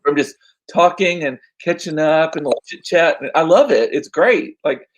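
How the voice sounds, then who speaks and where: A man hosting a casual chat, rambling with lots of fillers, a bit hoarse as he loses his voice. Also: a little high, normal speed, rough recording. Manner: chatty, rambling with frequent fillers. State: losing his voice, coughing. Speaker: podcast host.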